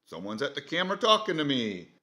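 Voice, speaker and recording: A man's voice: a little high, huge pitch swings, fast talker, pushed and bright, exaggerated voice. A man voicing a curious pet dog that rambles playfully in questions to the camera.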